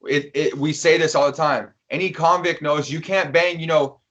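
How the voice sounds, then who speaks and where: A man's voice: on the high side, fairly even intonation, moderate pace, a bit bright. A man co-hosting a podcast, cutting in to explain things to listeners in an emphatic, profane way. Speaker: podcast co-host. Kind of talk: casual explanatory chat. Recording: dull lo-fi recording.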